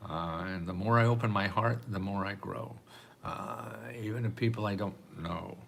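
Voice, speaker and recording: An older man speaks in a low, gravelly voice, rambling and restarting his sentences while he makes his point. He chuckles softly between thoughts, and a faint hiss of noise sits under the recording. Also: moderate pace. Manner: rambling, repeats words, often laughs softly. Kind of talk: casual monologue to camera. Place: apartment in a city.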